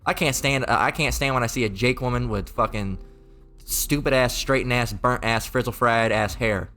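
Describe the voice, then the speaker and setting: A man's voice: mid-range voice, moderate pace, bright, forceful tone, faint music behind. Crude, rambling man ranting a sermon. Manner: mocking, crude, repetitive, stumbling restarts. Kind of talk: profane rambling religious rant.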